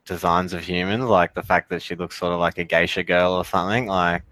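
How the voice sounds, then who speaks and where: Man, low bright voice, hesitant, filler-heavy casual chat. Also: flat delivery, brisk, dry recording. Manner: hesitant, lots of "like" and "you know".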